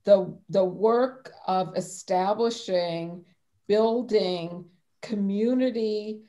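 A woman speaking as a panelist in an academic discussion, measured and thoughtful, often restarting her sentences. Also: medium pitch, dark tone.

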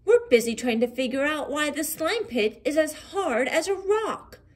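A woman's voice: high-pitched, lively intonation, measured pace, voice pushed up. A woman voicing a practical, grumbling male monster in a storybook read-aloud, with dry, matter-of-fact questions. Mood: impatient.

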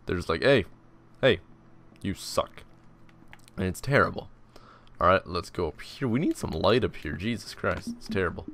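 A man's voice: deep voice, expressive, fairly quick, fairly bright tone, a little hiss or hum. Rambling, tired young man gaming. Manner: rambling, self-deprecating, jokey asides. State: tired, yawning. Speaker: gaming channel host. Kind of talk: casual Let's Play commentary.

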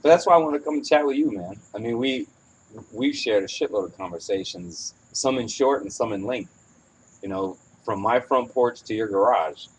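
A man's voice: lowish voice, moderate pace, a little hiss or hum, rough recording. Candid rambling male podcast host. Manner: candid, rambling, swears freely. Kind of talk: casual chat. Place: outdoors on a porch at evening.

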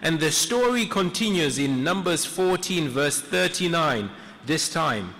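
A man preaching a sermon in a church, retelling a story in an earnest, reflective way with pauses. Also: fairly high pitch, expressive, a bit bright. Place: church sanctuary. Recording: echoey church hall.

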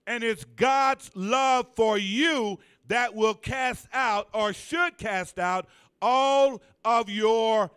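Man, pastor, church sermon, high pitch, resonant smooth voice, drawn-out emphatic call-and-response. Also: a bit bright. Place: church sanctuary.

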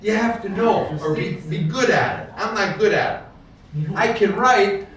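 A man teaching English literature to a class, repeating key words slowly and patiently for the learners. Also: sits high, fairly bright tone, slight background noise. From United States. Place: school classroom full of students. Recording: echoey classroom, far from the mic.

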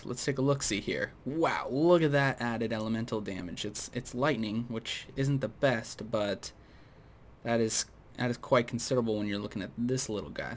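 A man giving casual gameplay commentary, going off on opinionated tangents and talking straight to viewers, with a dry mouth that keeps him clearing his throat. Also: mid-range voice, a little hiss or hum. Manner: rambling, opinionated tangents, addresses viewers directly. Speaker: gaming video host.

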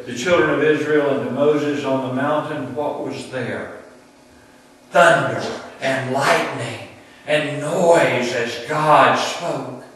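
A male preacher delivers a sermon at an unhurried, measured pace, pausing between phrases for effect. His voice carries through a strongly reverberant room, picked up from some distance by the mic. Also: mid-range voice, fairly bright tone, slight background noise. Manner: slow, deliberate storytelling with dramatic pauses. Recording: very echoey room, distant mic, faint ambience.

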